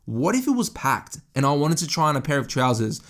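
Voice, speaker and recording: A young man hosting a podcast, telling a story in a casual, profane, animated way, his pitch jumping up when he gets exasperated. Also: a little fast. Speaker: podcast host.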